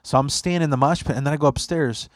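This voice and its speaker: Fast and somewhat high-pitched, a young man's voice carries his podcast, recorded studio quality with no echo. He chats casually, telling stories with energy, acting out quotes and swearing freely.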